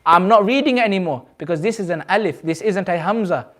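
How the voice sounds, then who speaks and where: A man's voice: high-pitched, animated, fast talker. A man teaching Quran recitation to a class, explaining patiently, repeating his points and quizzing the students. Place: community centre classroom.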